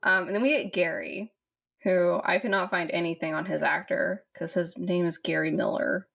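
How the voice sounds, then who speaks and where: A podcast co-host from the southern US talks loosely about a film, rambling and restarting often with plenty of fillers. She has a fairly low, fairly bright voice with vocal fry, speaking at a normal speed with fairly even intonation.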